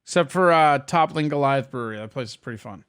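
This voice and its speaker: A man's voice: medium pitch, animated, fast, fairly bright tone, clear, resonant tone. A man joining a comedy call-in stream, ribbing the caller with profane jokes. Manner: joking, profane banter. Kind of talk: casual chat.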